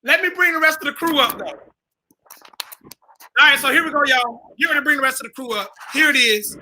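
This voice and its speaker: Male live-stream host, high and very bright voice, playful hype man, computer mic. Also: fast talker, a little hiss or hum, low-quality recording. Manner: playful, hyped, shouts introductions.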